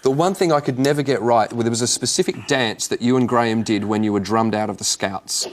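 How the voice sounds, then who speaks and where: Enthusiastic talk show host. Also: male voice, medium pitch, brisk, a little hiss or hum. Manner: enthusiastic, eager fan of the guest. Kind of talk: casual chat show interview.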